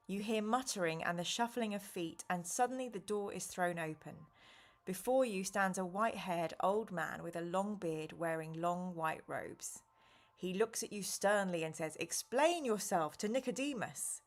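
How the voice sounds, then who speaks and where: A woman hosting a live stream, reading an interactive gamebook aloud and reacting animatedly to chat and choices. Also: mid-range voice.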